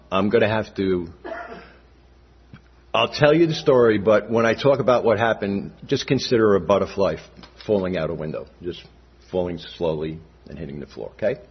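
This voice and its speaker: Older man with a very husky voice. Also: fairly low pitch. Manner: conversational, often checks in with "all right?" and "okay?". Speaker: church member giving testimony. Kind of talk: personal testimony. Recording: dull lo-fi recording.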